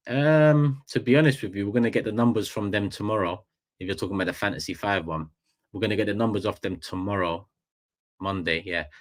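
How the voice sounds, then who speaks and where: A man with a London accent hosting a casual livestream, animated and slangy, repeating phrases for effect. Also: deep voice. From England. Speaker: livestream host.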